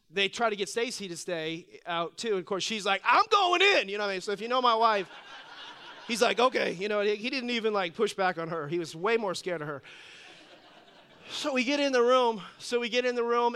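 A middle-aged man preaching a sermon, telling a personal story in an animated way that drops to hushed intensity. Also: high voice, smooth. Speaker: pastor.

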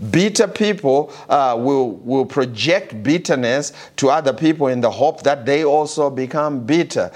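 A man delivers a sermon with emphatic, rising stress, stretching out the scripture lines he reads aloud. Between readings he speaks more plainly, with some halting restarts. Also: mid-range voice, animated, a little mellow. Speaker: preacher.

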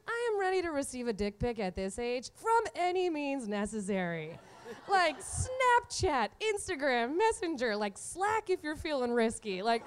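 A woman in her twenties telling a comic story from her own life, animated and often laughing through the punchlines. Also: high-pitched, measured pace, a little hiss or hum. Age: 20s. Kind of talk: live comedic storytelling.

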